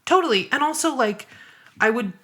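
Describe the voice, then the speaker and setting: A woman's voice: high voice, expressive, moderate pace, sharp tone. A woman guest on a podcast interview, explaining her views thoughtfully and step by step. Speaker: guest writer and activist.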